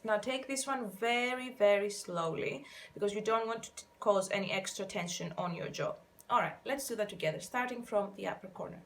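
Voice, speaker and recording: A woman vocal coach gently guiding listeners through a warm-up, counting and demonstrating each exercise in an encouraging way. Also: medium pitch, fairly quick, few pauses. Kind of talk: guided vocal warm-up instruction. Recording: faint piano underneath.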